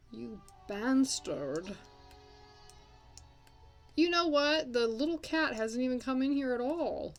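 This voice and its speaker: A woman's voice: fairly high pitch, slow pace, creaky, long pauses, soft background music. A young woman hosting a casual game commentary, chatting and swearing at her characters as she plays. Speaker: let's play host.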